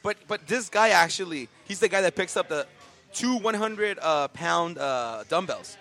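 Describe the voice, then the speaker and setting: A man's voice: sits high, lively intonation, moderate pace, gravelly, a bit bright. A man co-hosting a casual podcast, ranting profanely with lots of fillers and restarts. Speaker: podcast co-host. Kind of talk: casual comedic rant.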